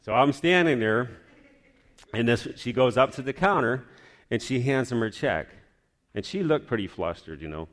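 A man's voice: medium pitch, moderate pace. A man telling a personal faith story in a casual, rambling way, with many restarts. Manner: rambling, restarts often, animated retelling. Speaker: storyteller sharing a personal testimony. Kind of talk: casual spoken testimony.

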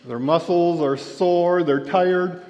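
A pastor preaching a sermon, telling the story and voicing the people in it with a raised voice. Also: male voice, high voice, takes it slowly, dark tone. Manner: storytelling, acts out quotes with raised voice. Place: church sanctuary. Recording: dull lo-fi church recording with long reverb.

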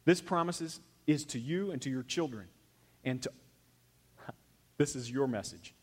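A man, preaching a sermon to his congregation and swinging between loud emphasis and hushed intensity. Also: mid-range voice, lively intonation, normal speed, pauses often, husky. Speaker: pastor. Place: church.

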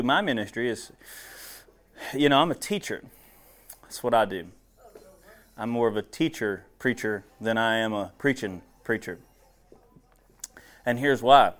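A man's voice: mid-range voice, fairly bright tone. A man preaching casually to a small group in a meeting room, joking and folksy, chatty, recorded on a clip-on wire mic.

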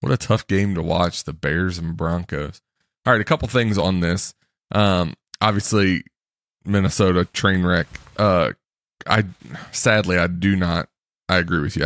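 A man's voice: low-pitched, normal speed, a bit bright, no echo, studio quality. A man co-hosting a sports podcast, mostly chiming in with brief, casual agreement. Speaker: podcast co-host.

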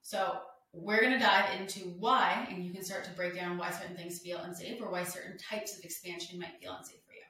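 A woman's voice: fairly low pitch, steady tone, fairly quick, hardly any pauses, pushed and bright, heavy reverb, distant mic, low-quality recording. A young woman hosting a solo wellness podcast, talking casually and emphatically with lots of "like" fillers. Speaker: podcast host.

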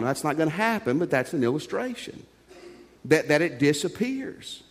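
A man's voice: a little high, moderate pace, big-room sound. A middle-aged male pastor preaching a sermon in an earnest, conversational way, telling stories from his own life.

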